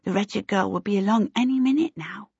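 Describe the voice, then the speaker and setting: Brief: woman playing a composed, precocious little boy for a storybook, soft-spoken, lo-fi sound. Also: medium pitch, fairly quick, breathy edge, no echo, voice pushed up. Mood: cool, matter-of-fact. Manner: polite and composed. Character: calm, oddly grown-up small boy. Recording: dull lo-fi audiobook recording.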